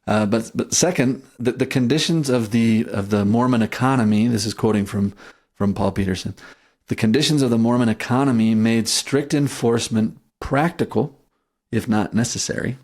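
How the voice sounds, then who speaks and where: A man co-hosting a history podcast, talking through church history in a relaxed, conversational way and often checking in with "right?". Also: medium pitch, normal speed. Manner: thoughtful, frequent restarts and "right?" checks. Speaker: podcast co-host. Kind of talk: casual history discussion.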